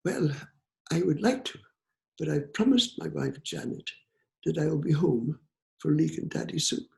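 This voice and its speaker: Scottish old man playing a kind fiddler, earnest and plain, gravelly voice. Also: fairly high pitch, animated, normal speed, darkish tone. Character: kindly fiddler man, eager and plain-spoken.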